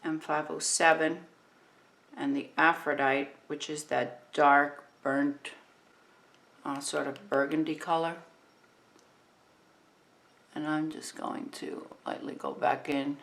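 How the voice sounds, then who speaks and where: A woman in her fifties with a New Jersey accent, talking through a makeup tutorial in a relaxed, chatty way while she works. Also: low voice, takes it slowly, vocal fry, pauses often. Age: 50s.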